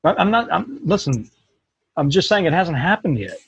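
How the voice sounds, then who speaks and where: A man with a raspy, husky voice and gravelly fry, sounding dull and lo-fi on the recording. He talks in halting bursts, restarting and repeating himself as he gets emotional. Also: on the high side, sing-song, no echo. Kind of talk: casual conversation.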